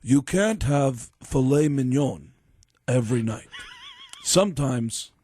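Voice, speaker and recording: A man doing a smug, deadpan rock star drawl. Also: medium pitch, slow pace, breathy edge. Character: smug, blunt male rock star, unbothered.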